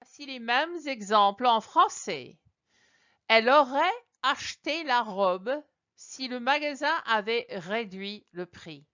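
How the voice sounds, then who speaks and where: A woman's voice: fairly high pitch, expressive, unhurried, pushed and bright, smooth, dull audio. A woman teaching French from slides in a chatty way, correcting herself now and then and reading example sentences aloud. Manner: chatty, self-correcting, switches into read-out French. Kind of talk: slide lecture.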